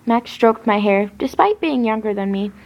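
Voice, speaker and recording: Creaky-voiced woman reading a dramatic story. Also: fairly high pitch, animated, normal speed, a little mellow. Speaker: story reader.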